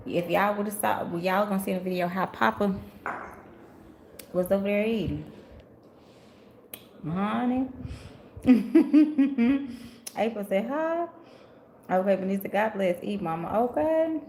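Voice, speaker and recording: A woman's voice: mid-range voice, moderate pace, pauses often. A woman from Memphis, giving a live tarot reading and chatting with her viewers, calling them honey and y'all. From Memphis, Tennessee. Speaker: tarot reader on livestream. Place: rental house, indoors. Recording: echoey room, faint ambient noise.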